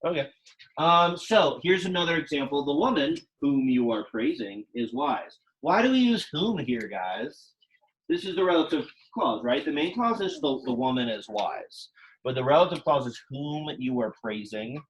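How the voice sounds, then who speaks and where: A man's voice: on the high side, expressive, normal speed, highs cut off, slight background noise. A young man teaching a Latin class, speaking casually and quizzing his students with questions. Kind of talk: classroom lecture.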